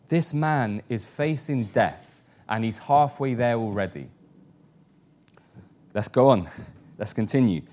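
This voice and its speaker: A man preaches in an earnest, steady manner. He lingers on the scripture he reads, leaning on key words to give them weight. His voice sits at an ordinary male pitch. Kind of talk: sermon.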